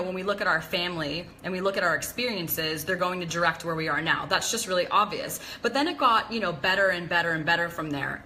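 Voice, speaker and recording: A woman's voice: medium pitch, sharp tone, a little hiss or hum, poor audio. A woman hosting a casual live stream, chatty and confessional, greeting viewers by name as she talks to her webcam.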